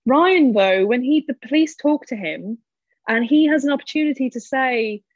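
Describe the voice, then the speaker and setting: A woman chatting casually about a film, animated and quick to laugh as she acts out lines. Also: sits high, dry recording, dull audio. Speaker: podcast co-host discussing a film. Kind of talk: casual chat.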